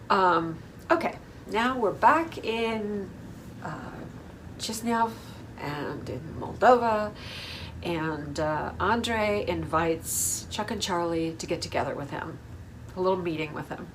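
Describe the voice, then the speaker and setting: A woman's voice: fairly low pitch, expressive, takes it slowly, slight background noise, low-quality recording. Chatty woman recapping reality TV. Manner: chatty and opinionated, with many fillers. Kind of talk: casual recap commentary.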